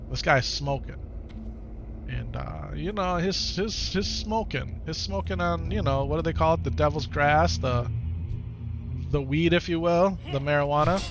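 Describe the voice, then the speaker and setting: A man's voice: a little high, creaky, muffled recording, noisy background. A man with a Wisconsin accent, streaming a video game live, chatting easily with viewers and often repeating his own phrases. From Wisconsin, United States. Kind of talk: live gameplay commentary while reading chat.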